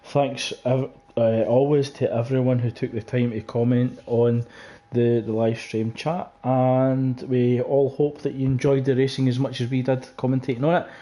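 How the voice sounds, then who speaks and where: A man co-commentating a sim racing live stream, measured and thoughtful. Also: medium pitch, little pitch movement, warm tone.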